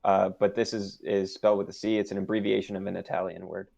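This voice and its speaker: A man running a tabletop game as game master, explaining rules with hesitant pauses. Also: low voice, level tone, vocal fry, darkish tone. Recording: dull lo-fi stream audio.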